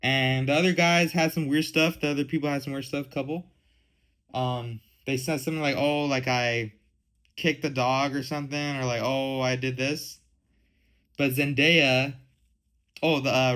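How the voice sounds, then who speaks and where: A man's voice: medium pitch, level tone, moderate pace, fairly bright tone, poor audio. A man in his twenties hosting a casual solo podcast, rambling with lots of "like" and "um". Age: 20s. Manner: rambling, heavy use of "like" and "um". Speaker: podcast host.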